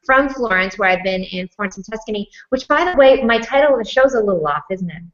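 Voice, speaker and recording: A woman's voice: mid-range voice, animated, fast talker. A woman hosting a casual live chat, bubbly and laughing often. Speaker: livestream host. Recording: dull lo-fi livestream audio.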